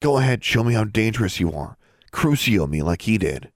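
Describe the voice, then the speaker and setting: A man's voice: fairly low pitch, big pitch swings, brisk, no room sound, clean studio sound, pitched above the performer's own voice. A man voicing a contemptuous teenage wizard bully who taunts with mocking scorn in a storybook reading. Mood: sneering.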